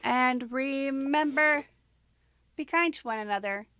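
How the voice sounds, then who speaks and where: A woman's voice: high-pitched, slow, sharp tone, dry recording. A woman hosting an art livestream, chatting casually and thinking aloud as she goes. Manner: rambling, thinks aloud with fillers. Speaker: livestream host and artist.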